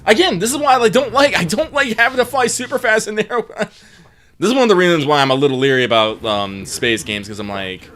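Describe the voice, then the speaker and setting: A man's voice: sits high, expressive, brisk, fairly bright tone. A man co-hosting a live stream while playing a game, reacting and commenting animatedly. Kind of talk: casual gaming stream chat.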